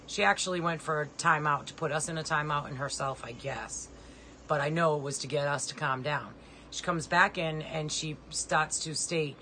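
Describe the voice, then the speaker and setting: A woman's voice: low voice, moderate pace, pushed and bright, slight background noise, rough recording. A middle-aged woman, a mother, making an urgent, pleading personal appeal in plain, direct words. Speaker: mother of a disabled son.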